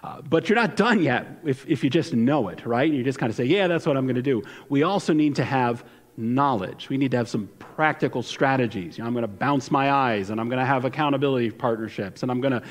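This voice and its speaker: A man's voice: mid-range voice, brisk, big-room sound. A man preaching a sermon as pastor, in an earnest, conversational way with frequent restarts. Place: church sanctuary.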